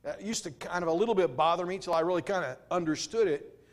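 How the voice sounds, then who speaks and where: A man's voice: sits high, quick pace. A man preaching a revival sermon, telling a personal story and then reading scripture with rising emphasis. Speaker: guest preacher.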